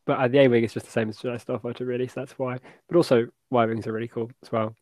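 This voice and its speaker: A man's voice: mid-range voice, little pitch movement, racing, darkish tone, dry recording. A young man chatting as a podcast guest, laid-back and self-mocking, with trailing fillers over a call. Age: young adult. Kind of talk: casual podcast chat.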